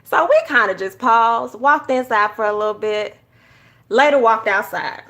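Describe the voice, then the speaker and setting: A woman telling stories in a casual, animated way while she decorates her journal. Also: a little high, normal speed. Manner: animated storytelling, addresses viewers as y'all. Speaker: journaling YouTuber.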